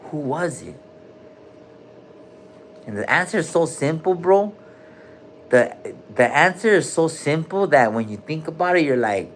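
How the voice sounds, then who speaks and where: A man's voice: a little high, lively intonation, slow pace, pauses often, slight background noise. A man hosting a casual livestream from a hospital room, joking loosely in heavy slang and calling out viewers' names. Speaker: livestream host.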